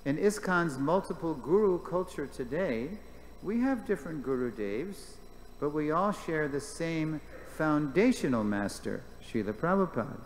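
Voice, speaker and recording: A man presenting a class, reading a story aloud and commenting on it with lively asides. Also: a little high, unhurried. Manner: animated storyteller, reads quotes aloud, jokes with the class. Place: temple hall. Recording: echoey hall with faint background noise.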